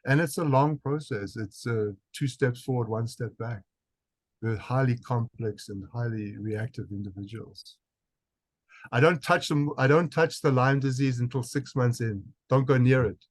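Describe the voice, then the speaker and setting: A man's voice: mid-range voice, normal speed, no room sound. South African man, emphatic physician. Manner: emphatic, repeats words when restarting. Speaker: guest physician. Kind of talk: interview answers.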